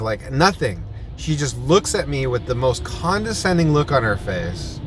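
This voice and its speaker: A man's voice: a little high, wildly swooping pitch, normal speed, few pauses. Everyday male rideshare vlogger, rambling storyteller, noisy phone recording with car sounds. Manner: rambling storytelling with many restarts. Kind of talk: casual chat. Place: in a car and at a sandwich shop.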